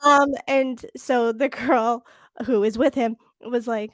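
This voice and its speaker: A chatty woman co-hosting a podcast, her voice sitting a bit high as she tells a story and acts out every exchange. The sound is dry and close, with no room around her. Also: steady tone, a little slow, dry recording. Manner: chatty storyteller acting out quoted dialogue. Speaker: podcast co-host. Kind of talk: casual chat.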